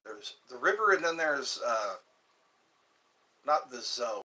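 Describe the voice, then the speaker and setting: A man's voice: mid-range voice, very animated, slow pace, pushed and bright. A man hosting a livestream, chatting casually and jokingly in a rambling way. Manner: jokey, laughs often, breaks into song snippets. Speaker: livestream host.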